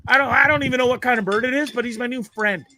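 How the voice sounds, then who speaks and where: A man's voice: extremely high pitch, very fast, bright, forceful tone, slight background noise. A man hosting a live online show, casually commenting on viral videos in a profane, laughing, rambling way at a computer mic.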